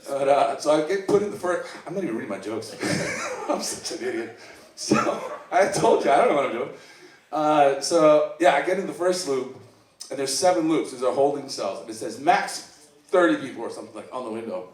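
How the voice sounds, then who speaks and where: Recorded from afar in an echoey room full of laughter, this man from Iceland does rambling, self-deprecating open mic comedy and acts out his characters' voices. He speaks at a normal speed in a mid-range voice with big swings in pitch.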